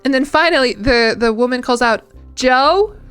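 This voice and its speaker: A woman's voice: fairly high pitch, brisk, fairly bright tone, smooth, faint music behind. A young woman streamer chatting casually while playing a game, rambling and self-deprecating with frequent giggles. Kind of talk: casual chat while gaming.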